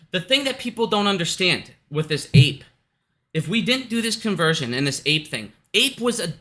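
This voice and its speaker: A man's voice: a little high, pushed and bright. A man from Minnesota giving casual, heated commentary at home, profane and repetitive, hot and out of breath. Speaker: stock market commentator. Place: his house.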